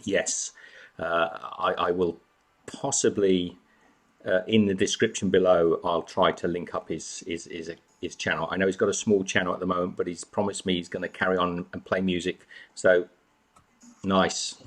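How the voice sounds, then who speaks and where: Man, lowish voice, live-stream host, chatty, greets viewers by name. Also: flat delivery, moderate pace. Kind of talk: casual live chat. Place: home.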